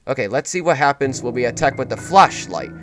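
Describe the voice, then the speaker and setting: A man's voice: mid-range voice, lively intonation, brisk, a bit bright, soft background music. A man playing a horror game, reading its story text aloud earnestly and breaking into startled exclamations. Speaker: gaming video creator.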